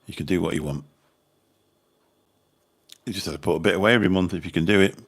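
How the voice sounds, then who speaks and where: Birmingham man, livestream host, husky deep voice, meandering casual chat. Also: fast. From Birmingham, England. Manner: rambling, chatty, mild swearing. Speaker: channel host chatting with viewers.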